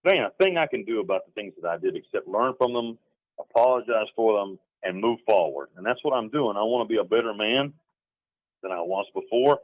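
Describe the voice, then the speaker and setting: A man's voice: lowish voice, expressive, a little fast, dry recording, phone-quality sound. A middle-aged man from North Carolina, recounting his past in a rambling, emphatic interview, sometimes acting out what others said. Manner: rambling, emphatic, slips into acted quotes. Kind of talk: telling his story in an interview.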